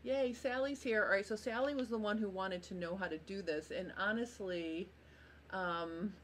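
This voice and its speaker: A woman's voice: medium pitch, normal speed, fairly bright tone, a little hiss or hum. A woman hosting a live sewing tutorial, chatty and apologetic as she walks viewers through tracing a pattern and greets them by name. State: tired, yawning. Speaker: sewing instructor and host.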